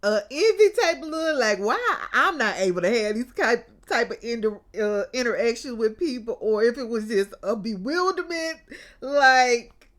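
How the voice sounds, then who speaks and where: A woman's voice: fairly high pitch, normal speed. A woman casually recapping a TV episode in a chatty, colloquial way, laughing often and calling her listeners baby and child. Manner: animated, laughs often, drawls out exclamations.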